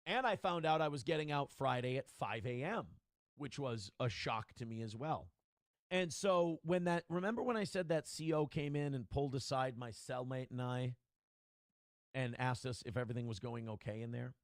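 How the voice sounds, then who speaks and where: A man telling a story in an animated, indignant way as a guest on a casual podcast. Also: medium pitch, moderate pace, no echo, studio quality.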